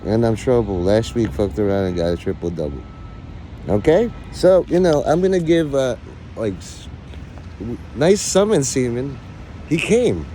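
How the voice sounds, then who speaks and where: A man's voice: medium pitch, expressive, moderate pace, warm tone, a little hiss or hum. A middle-aged man livestreaming, rambling in crude, mock-bossy rants at his viewers. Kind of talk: casual rant chat.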